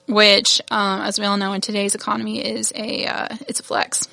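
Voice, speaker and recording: A chatty woman shows off new products in a casual shop video. Her bright voice has a gravelly fry. The sound is dry and close, and she gushes over each piece and laughs at her own slips. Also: medium pitch, flat delivery, fast talker, no room sound. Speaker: shop host showing new beads.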